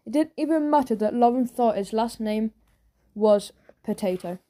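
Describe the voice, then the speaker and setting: Woman narrator for a kids' audiobook, lively storytelling, mellow and fairly high. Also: moderate pace.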